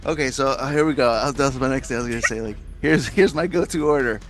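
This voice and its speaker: A man's voice: medium pitch, fast, over music. A man from the New York area hosting a casual podcast, telling stories with swearing and acted-out quotes. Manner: profane, animated storytelling with acted-out quotes. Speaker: podcast host.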